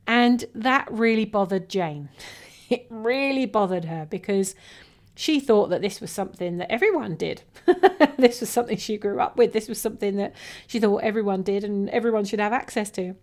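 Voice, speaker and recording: A woman talks alone into the mic, hosting her own podcast as a business coach. She tells stories in a lively, chatty way, often restarting her sentences. Her voice sits in an ordinary middle pitch. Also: normal speed. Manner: lively storyteller with frequent restarts. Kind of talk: solo podcast talk, storytelling.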